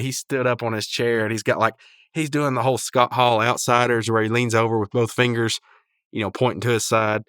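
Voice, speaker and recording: A man's voice: medium pitch, fairly even intonation, brisk, a bit bright, clear, resonant tone, no echo, studio quality. A man hosting a podcast, recapping a cartoon episode in a rambling, chatty way full of restarts. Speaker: podcast host.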